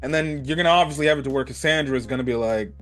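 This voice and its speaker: A young man giving a casual, excitable anime review, laughing and using slang as he retells scenes. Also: medium pitch, very fast, faint music behind.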